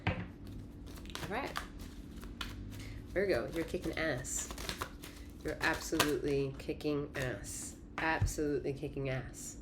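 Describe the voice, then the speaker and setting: A woman with a low voice gives a casual tarot reading, swearing freely and laughing as she goes. Her delivery is animated and blunt. Faint noise sits in the background. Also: takes it slowly, long pauses. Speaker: tarot reader.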